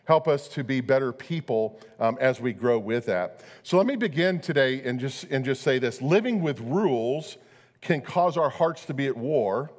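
Chatty pastor in a big reverby hall. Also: male voice, medium pitch, a little mellow. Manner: chatty, repeats words, acts out both sides of a story. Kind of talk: storytelling sermon.

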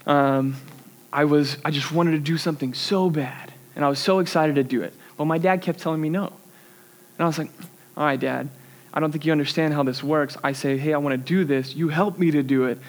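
A young man preaching a sermon in a church, earnest and conversational, with self-deprecating asides. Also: on the high side.

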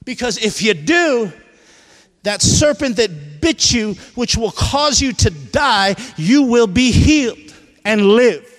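Preacher guy, real high voice, shouting then going quiet, long echo like a big church. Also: big pitch swings, slow pace. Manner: impassioned preaching, swings from shouting to hushed. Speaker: pastor. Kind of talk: sermon. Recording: long hall reverb.

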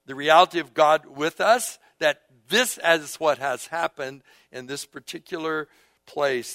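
A man preaching a sermon as pastor, reading scripture aloud and calling out to the congregation, moving between hushed and emphatic delivery. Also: a little high, dry recording. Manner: call-and-response with the congregation.

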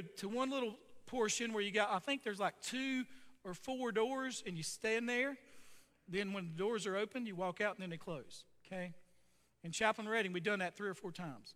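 High bright-voiced preacher in a reverberant hall. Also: male voice. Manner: storytelling preacher, conversational asides. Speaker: pastor. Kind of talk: sermon.

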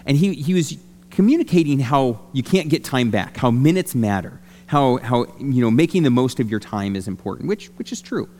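A man's voice: medium pitch, moderate pace. A man preaching a sermon as a pastor, talking conversationally with lots of restarts. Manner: conversational, animated, many restarts. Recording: long reverb of a hall.

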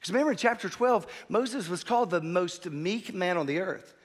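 A man preaching a sermon as pastor, animated, swinging from quiet asides to loud emphasis. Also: high voice, normal speed, long reverb tail.

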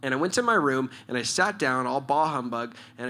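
A man with a bright, forward voice teaches in a loose, conversational way. He leads a church question-and-answer session and tells personal stories with lively energy. He breaks into laughter often. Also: mid-range voice, brisk, hardly any pauses. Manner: animated, storytelling, laughs often. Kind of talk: casual spoken teaching.

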